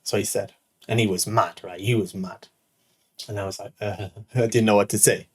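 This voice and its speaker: A man's voice: fairly low pitch, steady tone, normal speed, husky. A man in his thirties, a show host, telling a rambling personal anecdote full of "like" and "right?". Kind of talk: casual storytelling.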